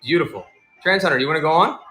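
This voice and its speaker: A man hosting a casual live stream as a seller, talking in a rambling, animated way and acting out the people in his stories. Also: on the high side, very fast, reverberant, soft background music. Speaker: livestream seller and host.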